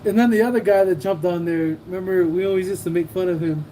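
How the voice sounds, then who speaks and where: Laughing man with a mellow voice, livestreaming. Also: high voice, steady tone, fast, slight background noise, poor audio. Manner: rambling, joking, laughs often, mimics people. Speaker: livestream host. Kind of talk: casual livestream chat reading comments.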